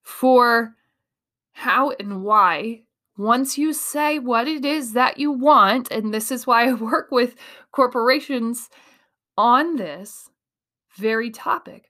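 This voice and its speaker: A motivational speaker and coach from Iowa, USA, gives an emphatic, animated talk, acting out the voices of people she quotes. Her voice is on the high side and she speaks at a slow pace.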